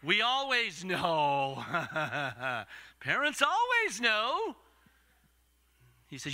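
An older man preaching a storytelling sermon, swinging from loud acted-out voices to hushed asides. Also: high-pitched, sing-song, normal speed. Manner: dramatic swings from loud to whispered.

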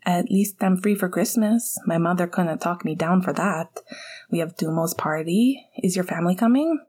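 A woman voicing a young male hockey player, speaking softly and slowly, often in a whisper. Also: lowish voice, natural voice. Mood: tender. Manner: soft, often whispered, slow.

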